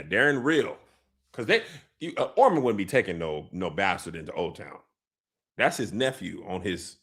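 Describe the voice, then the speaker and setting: A man hosting a comedic recap of a TV episode, telling the story in animated slang and putting on playful voices for the characters. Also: mid-range voice, vocal fry. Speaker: show recap host.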